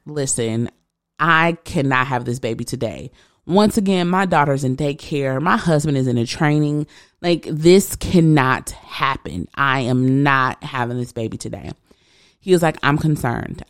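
A woman's voice: sits low, dry recording, studio quality. A woman tells an emotional personal story and acts out the people she quotes. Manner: animated retelling, acting out the people she quotes. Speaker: podcast host sharing her birth story.

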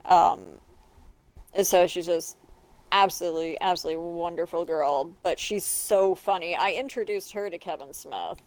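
A woman's voice: lowish voice, steady tone, normal speed, darkish tone, no echo. A woman co-hosting a podcast in casual chat, laughing often and swearing freely. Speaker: podcast co-host.

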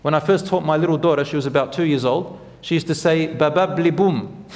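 A man's voice: fairly high pitch, fast talker, darkish tone, big-room sound. A man preaching a sermon as a teacher, speaking earnestly and putting direct questions to his listeners.

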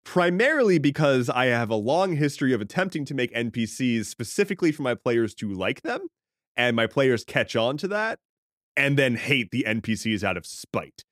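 Lively, thoughtful man podcast co-host. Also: mid-range voice, normal speed, no room sound, clean studio sound. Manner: thoughtful, explains at length, joking asides. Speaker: podcast co-host and game master. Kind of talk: casual podcast chat about tabletop games.

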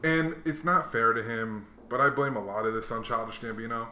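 A man's voice: mid-range voice, fairly quick, reverberant. A man hosting a podcast, chatting casually and acting out the people in his stories. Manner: animated storyteller, acts out quoted voices. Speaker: podcast host. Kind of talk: casual chat.

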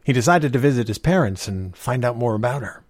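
A man narrating a story in a measured, expressive reading voice. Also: mid-range voice.

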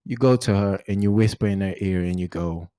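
A man's voice: sits low, a little fast, no echo, clean studio sound. A man whose first language is Portuguese, co-hosting a podcast, telling stories and joking with frequent laughter. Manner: joking, laughs often, animated storytelling. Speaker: podcast co-host. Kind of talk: casual chat.

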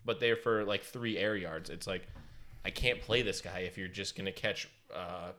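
A man co-hosting a casual fantasy football chat, excitable and self-mocking. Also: deep voice, normal speed, slight background noise. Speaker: podcast co-host.

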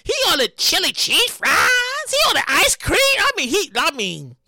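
A man talking in a loose comedic monologue, his voice high and bright with a pitch that leaps all over the place. He swears freely, stumbles and restarts his sentences, and bursts into loud sing-song exclamations. The recording is close and dry. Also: huge pitch swings, moderate pace, no echo. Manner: stammers and restarts often. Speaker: show host.

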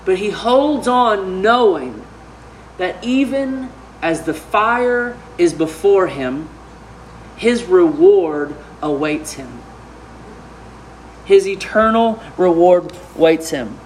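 Middle-aged pastor, higher voice, unhurried and emphatic, faint room hum behind. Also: male voice, animated. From Arkansas. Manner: emphatic preaching with rhetorical questions. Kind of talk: sermon.

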